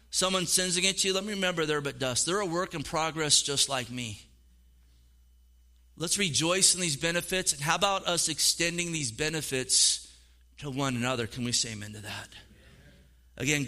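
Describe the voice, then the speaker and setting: Speaking at a fairly high pitch, a middle-aged pastor gives a lively sermon. He performs the quoted voices himself and keeps repeating words.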